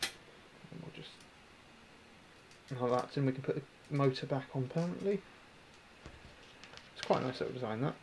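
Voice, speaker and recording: A man's voice: mid-range voice, normal speed, vocal fry, long pauses, background noise. A man hosting a casual livestream, chatting and rambling while he services an airsoft gun and answers viewers. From New Zealand. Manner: rambling, chatty, self-deprecating, answers chat. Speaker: airsoft tech livestream host.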